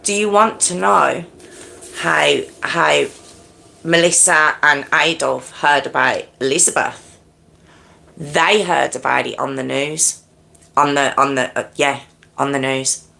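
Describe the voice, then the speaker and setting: A woman's voice: extremely low pitch, fairly even intonation, takes it slowly, vocal fry, pushed and bright. A woman hosting a true crime livestream, telling the story in a casual, conversational way with many asides and restarts, checking in with her listeners.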